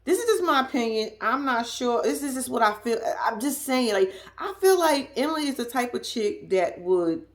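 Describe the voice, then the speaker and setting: A woman's voice: on the high side, lively intonation, normal speed, hardly any pauses. A woman with a Southern US accent giving a blunt, sassy, laughing casual commentary as a vlogger. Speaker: reality TV recap vlogger.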